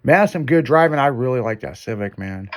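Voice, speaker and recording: A man's voice: medium pitch, lively intonation, fast talker, natural voice. A man briefly voicing a sheepish grown man who offers an offhand apology. The voice sits in an ordinary middle register. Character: grown man, a stranger apologizing after a car chase.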